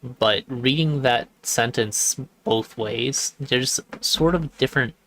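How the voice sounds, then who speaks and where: A man streaming a game who thinks aloud in casual commentary and pauses often. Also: medium pitch, a bit bright.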